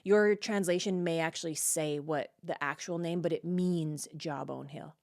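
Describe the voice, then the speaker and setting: A woman hosting a casual Bible study, reading verses aloud and then reacting and explaining them in everyday talk, often checking in with a quick "right?". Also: deep voice, gravelly, darkish tone. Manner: frequent "like" and "right?" checks with the listener.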